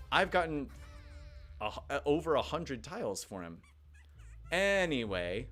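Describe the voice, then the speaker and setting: A man's voice: medium pitch, fairly bright tone. Chatty man streaming a game. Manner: chatty, thinks aloud, reads chat. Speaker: gaming livestreamer. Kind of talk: casual live gameplay commentary.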